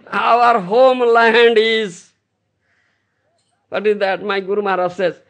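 A man's voice: high-pitched, little pitch movement, slow, long pauses, a bit bright. A man giving a scripture lecture as a spiritual teacher, repeating key phrases and keeping the room engaged with questions like "you understand?". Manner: teasing rhetorical questions to listeners. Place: Brisbane, Australia.

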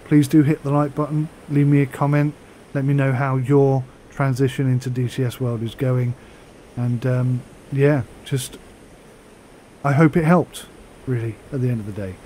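A man chatting casually on a flight sim vlog, rambling with fillers and pausing through the hiccups. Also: mid-range voice, fairly even intonation, warm tone, a little hiss or hum, rough recording. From United Kingdom.

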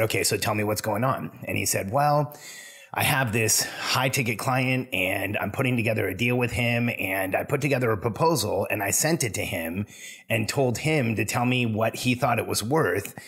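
A man's voice: on the low side, fairly bright tone, slightly rough. A man hosting a solo podcast, earnestly telling a story and giving advice. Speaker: podcast host.

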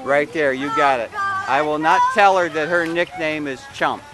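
Over loud music, a man with a fairly high voice films a child at an outdoor water park, chatting and teasing playfully at a moderate pace. It's casual home video narration picked up by a handheld camera's mic on a low-quality recording.

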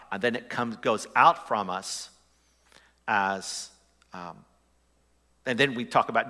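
A male pastor delivers a sermon and talks to his congregation in a conversational way, often asking them questions. His voice is bright and forceful. A long reverb trails each phrase through the church. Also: mid-range voice. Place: church sanctuary.

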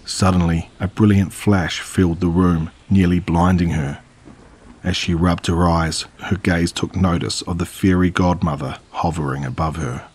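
Male horror narrator, low, husky voice, dramatic delivery. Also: flat delivery, moderate pace, darkish tone.

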